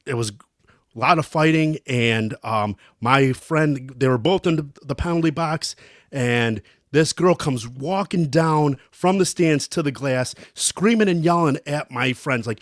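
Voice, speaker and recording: A man's voice: on the high side, unhurried, dry recording, clean studio sound. A middle-aged man co-hosting a podcast, telling a story in a rambling, casual way with many ums and restarts. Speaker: podcast co-host. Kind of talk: casual chat.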